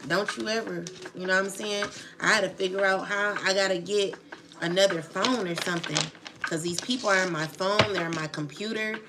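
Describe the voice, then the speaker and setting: A woman livestreaming on her tarot channel rants emotionally, her medium-pitched voice fairly even in intonation and a little fast. Background noise and music accompany her agitated, profane slang and frequent "you know what I'm saying."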